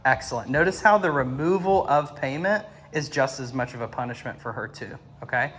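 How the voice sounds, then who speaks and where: A man working as a dog trainer, coaching an owner outdoors with calm instructions and frequent praise. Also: medium pitch, brisk, a little hiss or hum. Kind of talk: hands-on coaching. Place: outdoors at a house doorway and yard.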